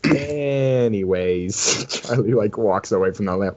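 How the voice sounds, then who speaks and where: Low-voiced guy running a tabletop game, rambly, swears a lot, muffled lo-fi mic. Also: takes it slowly, a little mellow. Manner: rambling, laughs often, swears casually. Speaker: game master. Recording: dull lo-fi audio.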